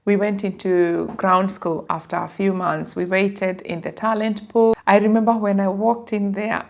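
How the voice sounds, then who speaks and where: A woman's voice: mid-range voice, moderate pace, vocal fry. A woman in her thirties from Kenya with a Kenyan accent, telling her life story in a casual, emotional way to her viewers. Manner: animated, emotional, addresses viewers as guys.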